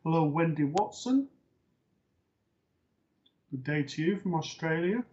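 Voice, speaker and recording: A man hosting a live online psychic reading show, talking in a relaxed way with many fillers. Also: fairly high pitch, measured pace. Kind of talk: live-stream host talk. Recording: dull lo-fi stream audio.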